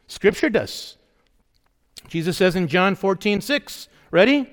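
A man's voice: high voice, lively intonation, slow pace. Guy preaching hard in a church, repeats himself a lot, keeps asking the crowd stuff, big echoey hall. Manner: emphatic preaching, repeating key phrases, asking the congregation questions. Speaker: pastor. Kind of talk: sermon. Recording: long hall reverb.

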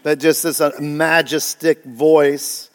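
A man's voice: fairly high pitch, flat delivery, takes it slowly, in a large hall, soft background music. A male pastor preaching a sermon, emphatic and often asking the congregation rhetorical questions.

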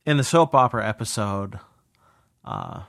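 A man co-hosting a podcast in casual, halting chat, repeating words as he goes. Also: lowish voice, wildly swooping pitch, creaky, fairly bright tone, no room sound, studio quality. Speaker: podcast co-host.

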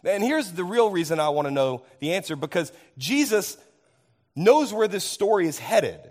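A man preaching a sermon as pastor, his voice hoarse from overuse, animated and asking the congregation questions. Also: sits high, normal speed. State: hoarse, tired voice.

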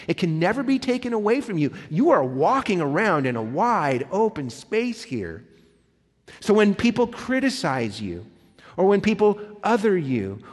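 A man preaching a sermon as a pastor, impassioned, swinging between loud emphatic lines and hushed ones. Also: high voice. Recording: long hall reverb.

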